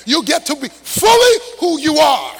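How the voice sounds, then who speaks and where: A middle-aged male pastor preaching a sermon with an impassioned, shouting, half-sung cadence. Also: very high voice, wildly swooping pitch, moderate pace, creaky. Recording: long hall reverb, faint music.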